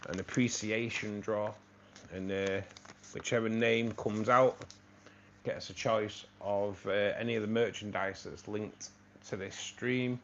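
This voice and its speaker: A man hosting a live stream, chatting casually and thanking viewers by name. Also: lowish voice. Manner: chatty, thanking viewers by name, laughs at his own jokes. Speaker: livestream host. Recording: slightly dull stream audio with faint noise.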